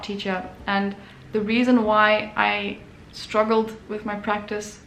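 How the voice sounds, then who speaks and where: A woman's voice: medium pitch, flat delivery, slow pace, few pauses, over music. A young adult woman, an artist hosting her own channel, telling a personal story in a chatty way with many fillers and restarts. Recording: echoey room with faint noise.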